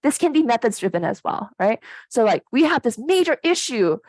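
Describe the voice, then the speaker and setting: A woman giving a casual, animated workshop lecture, often checking in with "right?". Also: on the high side, a little fast, no room sound, low-quality recording. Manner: animated, conversational, keeps asking "right?". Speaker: academic workshop presenter.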